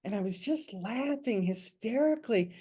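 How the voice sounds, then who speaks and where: A woman's voice: a little high, lively intonation, normal speed, dark tone, breathy edge. A woman leading a spiritual study group over a video call, talking in an informal, confiding way and chuckling often. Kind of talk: informal spiritual teaching talk.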